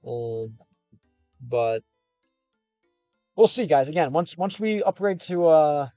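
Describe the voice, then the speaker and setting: A young man from Chicago talks in a slightly high voice, rambling loosely through viewer comments on a casual livestream from his car. His words sound close and dry, with soft music playing faintly underneath. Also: expressive, takes it slowly, no room sound. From Chicago, United States. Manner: rambling and loose, with frequent fillers and restarts. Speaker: gaming and language streamer.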